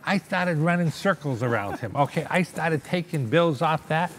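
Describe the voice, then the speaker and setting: An older man telling a long, animated story in a sit-down interview, acting out the voices of the people in it and often checking in with "okay?". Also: a little high, moderate pace, slight background noise. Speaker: interview guest, business owner.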